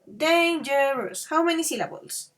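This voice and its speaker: A woman's voice: high-pitched, lively intonation, a little slow, fairly bright tone. A woman teaching an online English grammar lesson, patient and affectionate, calling students babies and dears and switching into to explain.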